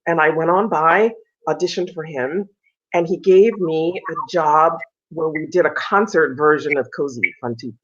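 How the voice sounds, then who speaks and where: A woman in her fifties, an opera singer and interview guest, telling stories in a lively way and acting out the voices of people she quotes, heard over a video call. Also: sits low, moderate pace. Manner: animated storyteller, acts out quoted voices. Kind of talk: casual interview storytelling. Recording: muffled video call audio.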